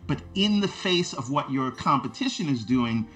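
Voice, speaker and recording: A man's voice: medium pitch, expressive, moderate pace, a bit bright. A man co-hosting a gaming podcast in casual talk, arguing his points at length with examples, a father with kids. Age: adult father of children. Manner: argumentative, builds points with examples. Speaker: podcast co-host.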